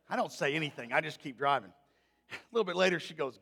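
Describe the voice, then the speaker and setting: Male pastor, forties; conversational storyteller, high-pitched with a long hall echo. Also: animated, quick pace, a bit bright, slightly rough. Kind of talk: sermon. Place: church sanctuary.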